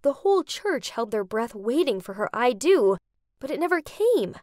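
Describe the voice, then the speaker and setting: A young woman giving dramatic scripted narration for an animated story. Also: on the high side, normal speed, no echo, clean studio sound.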